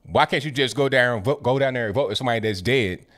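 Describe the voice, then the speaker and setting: Male talk show host, mid-pitched, casual, conversational delivery. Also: fast talker, a bit bright. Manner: casual and conversational, some stammered restarts.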